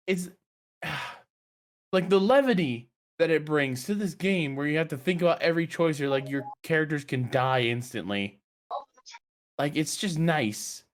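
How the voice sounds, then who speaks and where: Excitable swearing man hosting a podcast. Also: a little hiss or hum. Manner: animated, swears a lot, jumps high when ranting. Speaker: podcast host. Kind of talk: casual chat.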